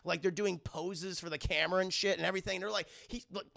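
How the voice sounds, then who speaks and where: A man tells a casual movie recap in a rambling, animated way and swears freely. His voice is gravelly with a very bright edge and sits a little high. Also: fast. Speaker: movie reviewer streaming live.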